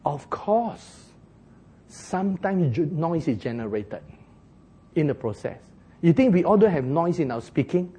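Husky man preaching with humor. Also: on the high side, sing-song, a little slow. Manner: jokey, laughs often, rising to loud bursts. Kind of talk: sermon.

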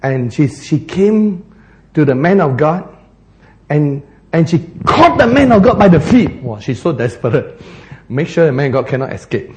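A man's voice: fairly high pitch, big pitch swings, normal speed, darkish tone. A man preaching a sermon, telling the story with animation, laughing often and acting out the characters.

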